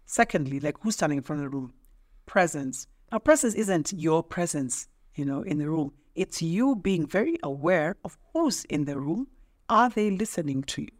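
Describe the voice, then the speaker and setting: A woman's voice: sits low, animated, moderate pace. A middle-aged woman speaking as a podcast guest, an emphatic, teacherly trainer who asks rhetorical questions. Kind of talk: casual podcast interview.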